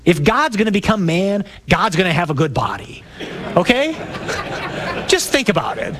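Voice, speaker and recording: A man's voice: high voice, big pitch swings, normal speed, over a noisy crowd. A man who is a priest, giving an emphatic, preacherly parish talk to parents with jokey asides to the audience.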